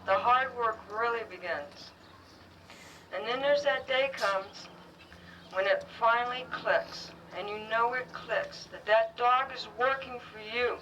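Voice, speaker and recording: A woman giving a heartfelt speech as a guide dog school graduate, earnest and speaking in short, halting phrases. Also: fairly high pitch, sharp tone, muffled recording. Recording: distant, faintly noisy ceremony recording.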